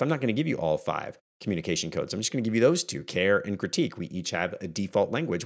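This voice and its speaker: A man with a fairly low voice hosting his own podcast. He talks with energy and in a casual, conversational way. He coaches his listeners like a leadership mentor. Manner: energetic and conversational, acting out quoted family moments. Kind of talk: solo podcast talk.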